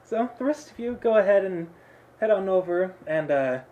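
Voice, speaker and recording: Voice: medium pitch, lively intonation, moderate pace, warm tone, muffled recording. A game master narrating a tabletop game in a loose, casual way, full of fillers and laughing often.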